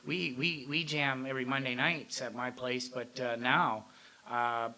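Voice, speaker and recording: A man's voice: medium pitch, steady tone, a little slow, pushed and bright. A man chatting as a guest on a casual podcast, talkative and full of restarts. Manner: chatty, lots of fillers and restarts. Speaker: podcast guest, metal radio host. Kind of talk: casual chat.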